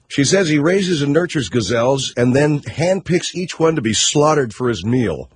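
A man's voice: on the high side, husky, no room sound. A man hosting a talk radio show, riffing sarcastically and mockingly on news stories.

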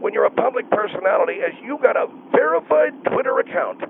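A man's voice: sits high, sing-song, fast talker, creaky, slight background noise. A man on the phone who needles and teases the host in comic, sarcastic banter. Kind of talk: comedic talk radio banter. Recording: tinny phone line.

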